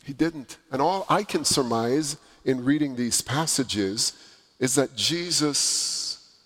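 A man preaching a sermon, with dramatic pauses and swelling emphasis. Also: mid-range voice, expressive, fairly bright tone. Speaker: pastor. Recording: long reverb in a large hall.

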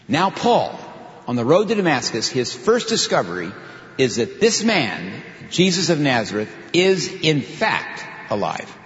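A man preaching a sermon in a lively, conversational way, with asides to his listeners. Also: medium pitch. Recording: dull lo-fi sound with long hall reverb.

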